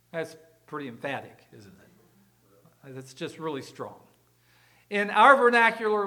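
A man's voice: high voice, sharp tone. A man preaching a sermon as pastor, emphatic and explanatory, often asking the congregation rhetorical questions. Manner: emphatic preaching with rhetorical questions, repeats words when restarting.

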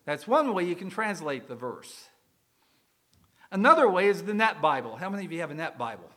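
Man, pastor, conversational sermon, questions to the congregation, high voice, bright tone. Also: sing-song, brisk. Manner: conversational, asks the congregation questions, uses some fillers.

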